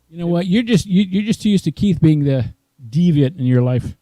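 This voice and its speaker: A man's voice: on the high side, lively intonation, moderate pace, mellow, no room sound. A man co-hosting a podcast in casual chat, making dry wisecracks. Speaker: podcast co-host.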